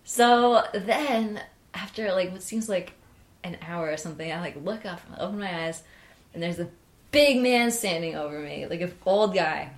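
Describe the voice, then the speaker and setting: A young woman talking in a loose, chatty way, full of "like" and trailing restarts. Her voice sits a little low, but it leaps up when she acts out her own excited reactions. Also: normal speed. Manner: chatty, animated, many "like" fillers, jumps high acting out her own reactions. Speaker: interview guest. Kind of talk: casual storytelling.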